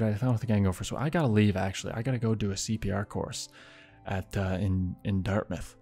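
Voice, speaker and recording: A man's voice: low voice, fast talker, a little mellow, soft background music. A young man casually telling a story about an odd neighbor, swearing often and muttering asides.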